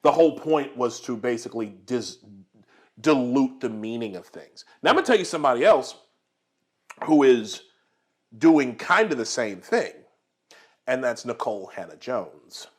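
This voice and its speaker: A man's voice: medium pitch, lively intonation, moderate pace. A man hosting a casual political chat over dinner at home, rambling with lots of restarts and fillers and laughing often. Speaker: host.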